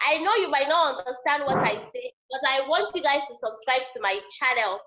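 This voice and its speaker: High, bright woman on an echoey call. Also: lively intonation, brisk. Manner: friendly and direct, promoting her channel. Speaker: guest speaker. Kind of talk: casual address to a class over a video call. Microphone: video call. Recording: echoey room over a dull lo-fi line.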